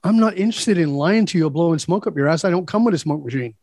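Brief: male guest, higher pitch, blunt and animated storyteller, dry close sound. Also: fast, no room sound. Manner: blunt, storytelling, acts out quoted dialogue, swears freely. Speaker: podcast guest, leadership speaker. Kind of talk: casual interview conversation.

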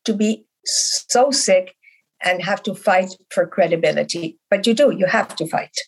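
A woman's voice: medium pitch, measured pace, breathy edge, low-quality recording. A middle-aged woman from Canada, a podcast guest, telling her story in earnest conversation and stressing her points with repeated words. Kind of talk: conversational interview.

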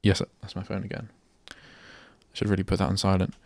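A man's voice: deep voice, monotone, brisk, vocal fry, darkish tone, no echo. Rambling young man on student radio. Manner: rambling, self-interrupting, chatty. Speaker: radio host. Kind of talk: casual solo radio chat. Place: radio studio.

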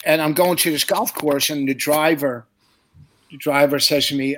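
A man's voice: a little high, fairly even intonation, normal speed, a bit bright. A middle-aged man, a comedian hosting a podcast, chatting casually and rambling through stories while laughing at his own jokes. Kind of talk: casual chat.

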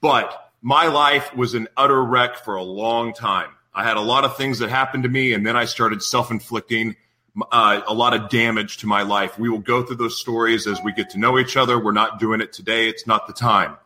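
A man in his thirties hosting a live radio show, opening with a rambling, self-deprecating, excitable monologue. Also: mid-range voice, normal speed. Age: 30s. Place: studio in San Diego.

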